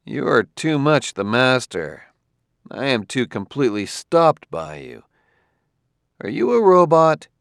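A man voicing a wary male detective who talks crisply and gives orders. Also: medium pitch, sing-song, slow pace, no room sound, clean studio sound, pitched above the performer's own voice, heavily acted. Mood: commanding. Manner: sharp, giving crisp orders.

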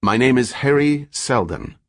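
A man's voice: mid-range voice, animated, unhurried, no echo, studio quality, pitched above the performer's own voice. A man playing an earnest, wry male scholar who gets insistent and exasperated, read in an audiobook.

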